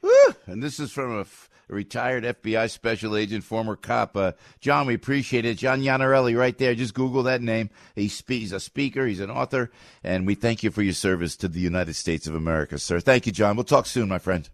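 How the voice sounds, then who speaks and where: A talk radio host with a New Jersey accent speaks in a low, gravelly voice. He is excitable and emphatic and stumbles over his words, and his studio mic sounds close and dry. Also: a little fast, no room sound.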